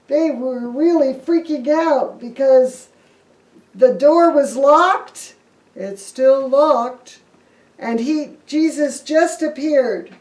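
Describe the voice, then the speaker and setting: A woman pastor telling a Bible story to children in a lively, playful way. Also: high-pitched, extremely slow. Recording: echoey room, distant mic.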